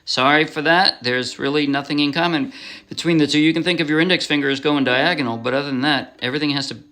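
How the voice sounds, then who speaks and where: A man's voice: a little high, fast. Laid-back man teaching ukulele. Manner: relaxed, rambling, often restarts and apologizes. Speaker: ukulele instructor. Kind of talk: casual music tutorial. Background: ukulele playing.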